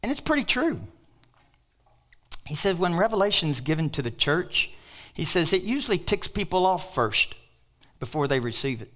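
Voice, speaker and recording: An older man preaching a sermon as pastor, emphatic, with sudden loud outbursts and joking asides. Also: a little high, sing-song, normal speed, long pauses.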